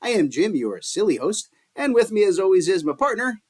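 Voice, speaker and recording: A man's voice: sits high, sing-song, brisk, darkish tone, husky. A man hosting a podcast in a jokey, playful way, laughing often as he chats with guests. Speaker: podcast host. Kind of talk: casual podcast chat.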